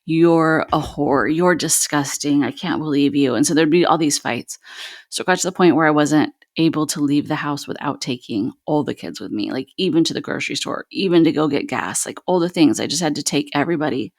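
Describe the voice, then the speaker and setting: A woman with a notably low voice shares her own painful story as a guest on a podcast. She talks candidly and haltingly, with frequent "like" and "um" fillers. The recording is dry and close, with no room sound. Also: no room sound. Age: adult with children. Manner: raw, unfiltered recounting.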